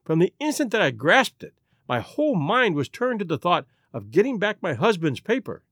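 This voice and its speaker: A man reading the part of a distressed aristocratic young wife, confessing her secret in an earnest, halting way for an audiobook. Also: high-pitched, sing-song, fairly bright tone, no room sound, studio quality, heavily acted. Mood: anxious.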